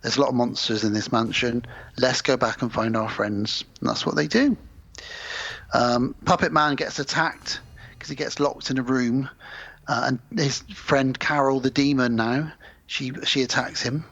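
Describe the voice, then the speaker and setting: A man's voice: mid-range voice, steady tone, normal speed, vocal fry, a bit bright. A man co-hosting a podcast, casually retelling a film plot with mocking asides. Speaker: podcast co-host. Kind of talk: casual film recap chat. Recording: dull lo-fi sound.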